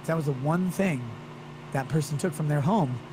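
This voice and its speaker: On his livestream, a man reads chat messages aloud and launches into an exasperated, profane, sarcastic rant, a ranting monologue. His voice has a fairly high pitch at normal speed, against a noisy background.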